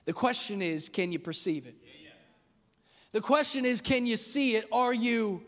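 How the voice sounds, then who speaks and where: Lively male preacher with a high voice, joking and then driving his point home, in a reverberant hall. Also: a little slow. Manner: animated preaching with humor, rising to emphatic shouts. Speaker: pastor. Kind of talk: sermon. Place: large church hall.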